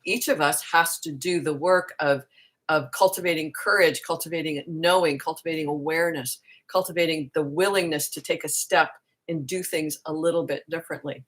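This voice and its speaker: A woman with a deep voice shares a reflective spiritual talk straight to camera. She speaks earnestly and muses aloud, often circling back and restarting her phrases as she searches for words. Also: fairly bright tone, breathy edge. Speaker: spiritual teacher and coach.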